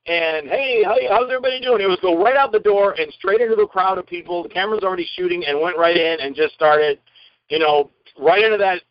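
A man with a fairly high voice tells stories from his acting work, slipping into different voices to act out what people said. The sound is dry and a little dull, recorded close up without room echo. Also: fairly quick. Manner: animated, acts out quoted lines in varied voices. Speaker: actor and interview guest. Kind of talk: anecdotal storytelling in an interview.

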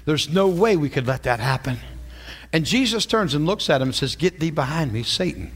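A man preaching, his voice pitched high and moving all over its range as he talks. He asks the congregation question after question and shifts between slow, quiet stretches and loud, emphatic ones, with laughing asides. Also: very animated, breathy edge. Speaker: pastor. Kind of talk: sermon.

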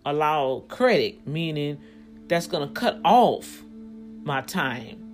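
A woman's voice: sits low, lively intonation, slow, faint music behind. A woman vlogger in casual commentary, rambling as she thinks things through aloud and speaking straight to her viewers, growing emphatic when riled up.

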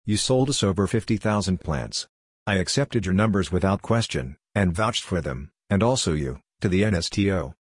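Calm male auditor read by narrator: measured, deep, husky. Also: no room sound.

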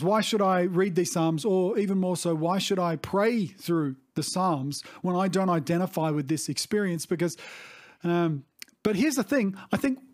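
A middle-aged man preaching a sermon as a pastor, earnest and reflective, often pausing to restate himself. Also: high-pitched. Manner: earnest, reflective, with frequent restarts and "you see".

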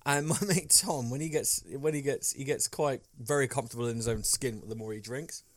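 A young man co-hosting a podcast, telling stories in a sweary way with halting restarts. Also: mid-range voice. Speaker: podcast co-host. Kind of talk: casual podcast chat.

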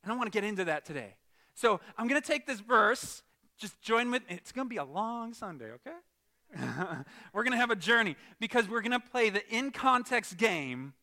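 A man delivers a Sunday sermon in a high, bright voice. He talks with the congregation and jokes with them. He drops into quiet asides and then bursts into loud exclaims. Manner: animated, jokey, shifts from quiet asides to loud shouts. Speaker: pastor. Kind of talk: lively church sermon.

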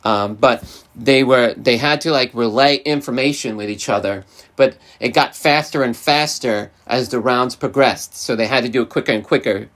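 A man's voice: mid-range voice, moderate pace, fairly bright tone. A man from New York with a New York accent, hosting a casual podcast chat and rambling with many fillers and restarts.

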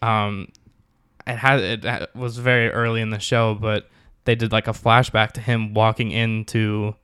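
A man's voice: fairly low pitch, normal speed, smooth, no echo, clean studio sound. A young man chatting casually as a podcast co-host, retelling scenes with acted-out quotes. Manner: animated storytelling, acts out quotes. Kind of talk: casual chat.

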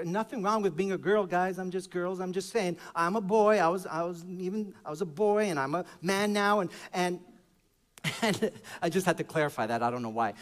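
A man preaching with a high, bright-pitched voice that climbs into shouted praise, then drops into soft, confiding storytelling. He breaks into joking asides along the way, in sermon style. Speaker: pastor.

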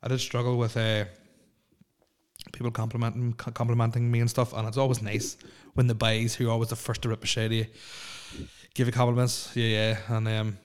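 A man's voice: mid-range voice, monotone, brisk, smooth. A young man chats casually on a solo podcast, recorded alone in a house. He rambles, stammers and restarts his sentences, leaning on fillers as he goes. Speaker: podcast host.

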